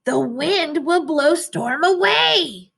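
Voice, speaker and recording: A woman's voice: high voice, animated, takes it slowly, creaky, a bit bright, pitched above the performer's own voice, heavily acted. A woman reading aloud, voicing a protective male farm dog who speaks firmly and reassuringly. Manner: firm, reassuring.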